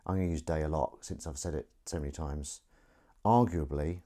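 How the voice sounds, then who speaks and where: A man's voice: rumbling low, fairly even intonation, moderate pace, warm tone. A man hosting a casual solo livestream, rambling and self-mocking while he sets up and greets viewers. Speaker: livestream host.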